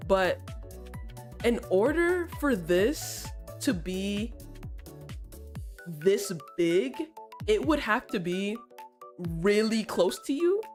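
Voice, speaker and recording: A woman streamer chatting casually and critiquing art, playful and slangy, teasing her chat and explaining ideas slowly. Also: mid-range voice, very animated, a little mellow, soft background music. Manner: explains slowly and repeats herself while drawing.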